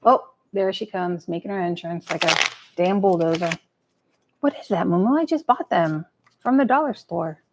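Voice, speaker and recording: A woman's voice: lowish voice, moderate pace, background noise. A woman doing a live tarot reading, chatting casually, muttering to herself and swearing freely as she pulls cards. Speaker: tarot reader. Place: home table with a cat nearby.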